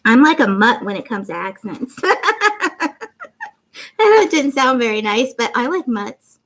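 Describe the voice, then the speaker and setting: Woman in her fifties, faint Canadian and Southern accent mix, tired and goofy, slightly high voice. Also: big pitch swings, unhurried, a bit bright. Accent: mixed Canadian and Southern traces. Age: 50s. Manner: goofy, giggly, chatty. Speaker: livestream crafting host. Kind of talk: casual chat reading viewer comments.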